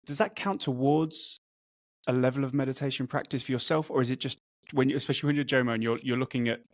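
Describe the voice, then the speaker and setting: A man's voice: mid-range voice, steady tone, quick pace. Guy hosting a podcast, middle voice, long rambly questions, laughs along. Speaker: podcast host. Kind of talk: casual interview chat.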